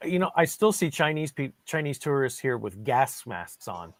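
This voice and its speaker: A man's voice: mid-range voice, sing-song, moderate pace, no echo. A man chatting casually with a friend over voice chat, joking and chuckling often.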